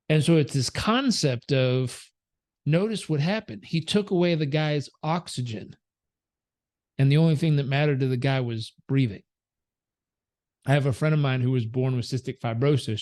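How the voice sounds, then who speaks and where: A man, a performance coach guest on an interview show, telling personal stories in a lively conversational way, acting out the voices of the people he quotes. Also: mid-range voice. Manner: animated, acts out quoted voices, many fillers. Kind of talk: conversational storytelling.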